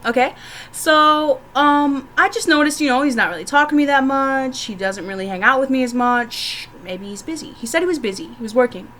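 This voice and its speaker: A woman's voice: sits high, fairly quick, a bit bright, slight background noise. A young woman vlogger telling candid stories to the camera, frank and profane, often laughing as she talks.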